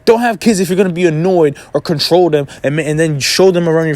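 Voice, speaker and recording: A man speaks straight to his audience in a casual, heated rant, blunt and full of swearing. His voice sits somewhat high for a man. He lectures in a preachy way. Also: quick pace, hardly any pauses, a little mellow, no room sound. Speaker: vlogger.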